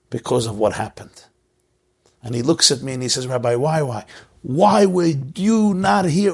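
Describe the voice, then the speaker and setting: A middle-aged rabbi giving an earnest, emotional sermon, telling a story and repeating phrases for emphasis. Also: male voice, medium pitch, gravelly, breathy edge.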